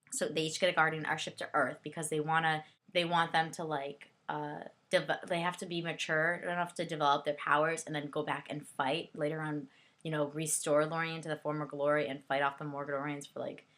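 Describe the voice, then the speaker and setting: Bright, giggly young woman chatting. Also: low voice. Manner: giggly, chatty, heavy use of "like". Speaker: book and movie reviewer. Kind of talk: casual rambling video review.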